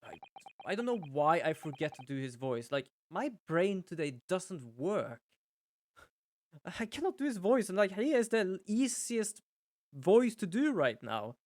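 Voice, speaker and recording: A man's voice: high voice, sing-song, a little slow, darkish tone, no echo. A young man casually commenting on his gameplay while streaming, chatty, rambling and self-deprecating.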